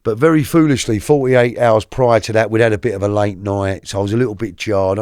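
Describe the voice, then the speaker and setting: A middle-aged man recounting his arrest in colloquial, vivid storytelling, now and then shouting out the quoted lines. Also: deep voice, no room sound, clean studio sound. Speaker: guest. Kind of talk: true crime storytelling.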